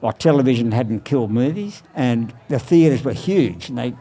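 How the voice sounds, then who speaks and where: An Australian man of eighty telling lively stories as a guest, recorded outside a surfboard factory. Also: mid-range voice, moderate pace. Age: 80s. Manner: animated storyteller, laughs often. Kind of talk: storytelling interview.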